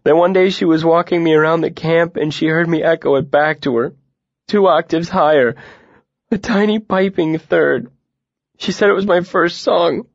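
A man's voice: fairly high pitch, vocal fry, no room sound, dull audio, voice pushed up. A man reading a story, voicing a grieving boy who pours out his memories through tears. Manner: choked, tearful, rushed.

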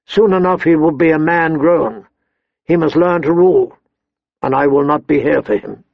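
Guy doing a weary stern lord in a storybook, solemn and quiet, gravelly, dull dry sound. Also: moderate pace, no echo. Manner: solemn and firm, low and restrained. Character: grave, weary nobleman and father.

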